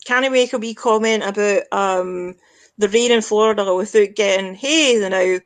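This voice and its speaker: A woman's voice: mid-range voice, fairly even intonation, moderate pace, clean tone. A woman with a Scottish accent, a guest in a casual chat, talking bluntly with plenty of swearing and jokes. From Scotland. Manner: blunt, profane, joking.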